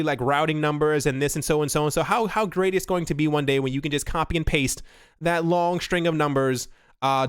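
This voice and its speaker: Male host, talky and rambling, fairly high, smooth clean tone. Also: fairly bright tone, no room sound, studio quality. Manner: chatty, rambling asides with fillers. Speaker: crypto news host. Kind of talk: casual commentary.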